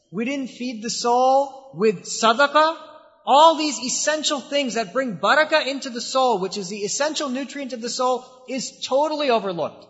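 A high-pitched man preaching a sermon, building his points through repetition and rhetorical questions. His voice carries a long reverb from a large mosque hall. The recording sounds slightly muffled. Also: a bit bright.

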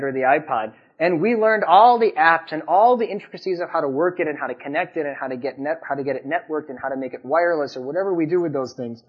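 A man giving a conversational sermon, telling anecdotes and asking the audience questions. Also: fairly high pitch. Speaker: Islamic preacher. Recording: dull lo-fi recording.

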